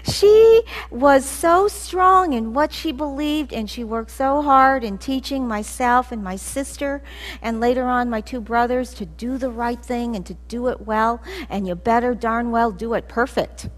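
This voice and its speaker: Middle-aged woman, slightly high voice, telling animated stories in a church, unhurried. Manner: animated, acts out scenes and laughs at her own story. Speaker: guest speaker at a church service. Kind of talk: personal storytelling talk. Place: church sanctuary.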